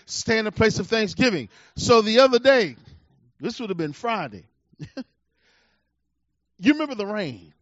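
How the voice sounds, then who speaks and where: A middle-aged male preacher with a high, expressive voice tells a personal story in his sermon at a measured pace with long pauses. He is emphatic, swinging between loud bursts and quiet asides. The recording is dry, dull and lo-fi.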